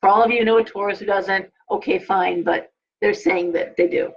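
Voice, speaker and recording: A woman's voice: mid-range voice, steady tone, a little fast, vocal fry. A woman hosting a casual live stream as a tarot reader, rambling, restarting her sentences and dropping blunt asides. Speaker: tarot reader and show host. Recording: dull lo-fi sound.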